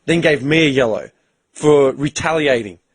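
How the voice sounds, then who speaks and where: Casting: young male podcast host, husky voice, slightly high-pitched, blunt and profane. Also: moderate pace. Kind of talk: casual chat.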